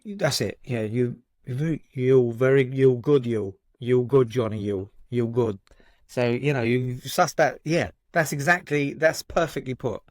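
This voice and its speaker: A man from Southend speaking as a podcast guest, telling personal stories in a lively, unfiltered way. He swears freely and keeps checking in with "right?" and "you know what I mean?". His voice sits at a middling pitch and is recorded close and dry. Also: unhurried, no room sound. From Southend, England. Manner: lively storytelling, frequent swearing and "right?" tags. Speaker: guest psychotherapist. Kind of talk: candid podcast conversation.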